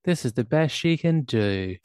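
A man's voice: mid-range voice, animated, unhurried, a little mellow, slight background noise. Wry Australian man recapping films. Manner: chatty, wry film recaps with filler ums. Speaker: podcast co-host. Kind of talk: casual chat.

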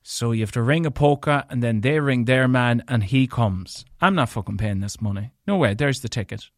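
An Irish man hosts a podcast alone and tells a story of his own. He is animated and angry and swears freely, at a middling pitch. The sound is dry and close, with no room around it. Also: moderate pace, no echo. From Ireland. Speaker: podcast host. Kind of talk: solo storytelling rant.

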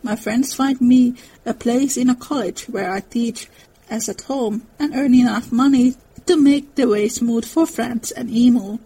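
A woman reading aloud, voicing an earnest, gentle German professor who speaks with formal, halting phrasing. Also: on the high side, slightly rough, rough recording.

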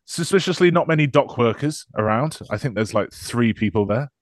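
Animated man riffing on films. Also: mid-range voice, normal speed. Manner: loose, laughing, sarcastic film banter. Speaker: podcast co-host. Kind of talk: casual chat.

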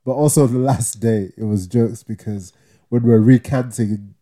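In a casual storytelling chat, a young man co-hosting a podcast acts out quotes with slang and adds "yeah?" to his lines as he animatedly retells a story. His voice is mid-range and mellow, at a normal speed.

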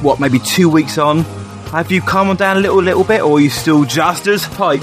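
A young man co-hosting a casual podcast chat, excitable and chatty, calling his friend "mate". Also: a little high, normal speed, soft background music. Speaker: podcast co-host.

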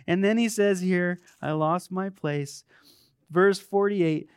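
Emphatic high-voiced male pastor. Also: lively intonation, normal speed, clean tone, no echo, clean studio sound. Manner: emphatic, calls out to the congregation. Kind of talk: sermon. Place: church sanctuary.

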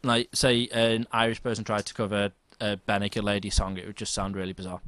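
A man's voice: lowish voice, flat delivery, fast talker, a bit bright, clear, resonant tone, dry recording. A man co-hosting a podcast, chatting casually and gushing with enthusiasm, often repeating words. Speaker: podcast co-host. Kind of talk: casual chat.

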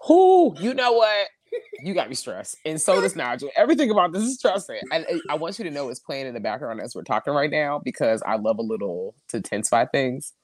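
A woman co-hosting a podcast in casual, expressive chat. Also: sits low, no room sound, clean studio sound. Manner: animated, expressive, quick asides. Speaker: podcast co-host.

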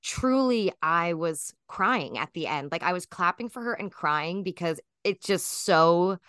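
A woman's voice: lowish voice, fairly bright tone, no room sound, clean studio sound. A woman in her thirties, a guest chatting casually in an interview, rambling with lots of fillers and restarts.

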